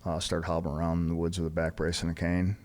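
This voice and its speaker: A retired Marine guest telling profane, animated war stories in casual chat, full of "like" and "right?". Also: male voice, sits low, fast talker, a little hiss or hum. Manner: profane, animated storytelling with lots of fillers. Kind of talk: casual storytelling.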